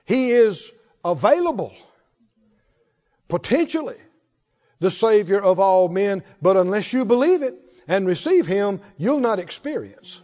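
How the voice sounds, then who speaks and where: High-voiced preacher, slow and lively. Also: male voice. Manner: call-and-response, repeating phrases with the congregation. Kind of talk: sermon. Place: church hall. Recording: dull echoey church recording.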